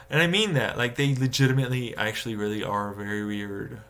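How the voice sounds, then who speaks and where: A man live-streaming a casual rant, swearing and exasperated, mocking others with sudden high-pitched outbursts. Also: quick pace, hardly any pauses, sharp tone.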